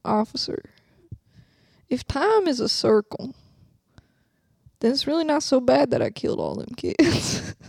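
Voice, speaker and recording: A woman doing a shady Southern belle who rambles in a soft, syrupy Southern US drawl, all mock innocence. Her voice sits on the high side yet sounds mellow and warm, with a gravelly fry at the ends of phrases. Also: wildly swooping pitch, measured pace, pauses often, no room sound, studio quality, full character voice. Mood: mock-innocent.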